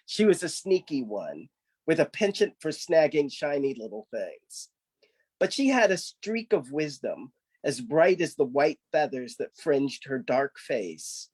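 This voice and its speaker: A man reading his own folk-tale story aloud, narrating animatedly. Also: fairly high pitch.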